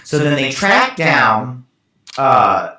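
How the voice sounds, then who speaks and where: A man's voice: mid-range voice, sing-song, drawn-out words, pushed and bright. A man hosting a casual episode review, recapping scenes in a sarcastic, exasperated ramble full of fillers. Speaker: TV show reviewer and host.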